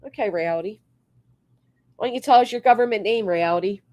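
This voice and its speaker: A woman's voice: mid-range voice, a little fast, long pauses, a little mellow. Brief: fired-up, foul-mouthed woman live streamer, blunt rants mixed with thank-yous to members. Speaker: livestreamer. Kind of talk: live stream rant and member shout-outs.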